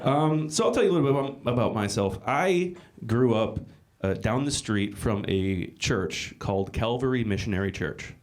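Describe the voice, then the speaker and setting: A middle-aged man doing a live stand-up set in a small comedy club, talking with bursts of loud emphasis. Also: mid-range voice, expressive, moderate pace, few pauses, slight background noise. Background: audience laughter.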